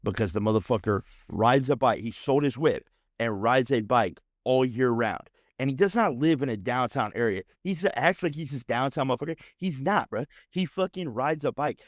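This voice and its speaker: A man's voice: medium pitch, animated, normal speed, no echo, studio quality. Heated, profane man ranting on a podcast. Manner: heated, profane, keeps asking "right?". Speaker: podcast host. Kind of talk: ranting storytelling.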